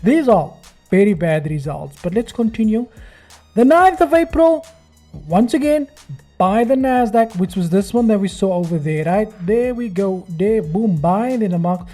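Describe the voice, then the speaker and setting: A man's voice: high voice, animated, moderate pace, warm tone, soft background music. A man hosting a trading video, giving sarcastic, mocking commentary and acting out other people's voices. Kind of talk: screen-recorded commentary.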